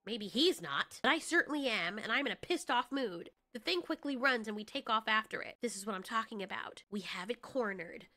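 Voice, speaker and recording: A woman voicing a cocky, high-pitched dinosaur girl. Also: expressive, normal speed, pushed and bright. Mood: fierce. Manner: boastful, easily annoyed, snarky. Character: proud, hot-tempered female dinosaur. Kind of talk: first-person story narration.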